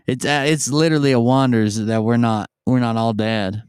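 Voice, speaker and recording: A man's voice: medium pitch, fairly even intonation, normal speed, clean tone, no echo, clean studio sound. A man casually telling a long, profane story on stream, rambling and acting out the lines of the people in it. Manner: rambling and profane, acts out yelled quotes.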